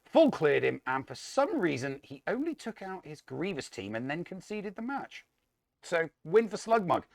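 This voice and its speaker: Male co-host recapping matches; slightly high, gravelly voice with a close dry mic. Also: big pitch swings, moderate pace. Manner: recaps matches with dry humor, some hesitations. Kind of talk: casual gaming show recap.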